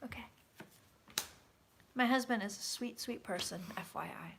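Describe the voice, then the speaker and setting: A tipsy woman in her thirties reading tarot, chatting loudly and swearing as she tells stories. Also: a little high, moderate pace, a little hiss or hum. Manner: loud, sweary, excitable storyteller. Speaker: tarot reader and host. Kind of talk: casual tipsy chat.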